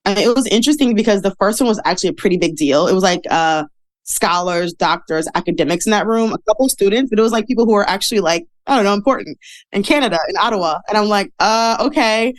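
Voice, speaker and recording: A woman guest on a podcast, telling stories casually and acting out the voices of people she quotes. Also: fast. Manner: animated, acts out quoted voices with big pitch jumps. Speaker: podcast guest, model and speaker. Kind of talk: casual interview storytelling.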